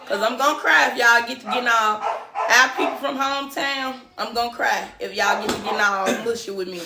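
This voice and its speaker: A woman's voice: on the high side, brisk, creaky, echoey room, background noise. A woman in her thirties hosting a casual livestream from her living room, chatty and teasing, laughing often. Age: 30s. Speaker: livestream host.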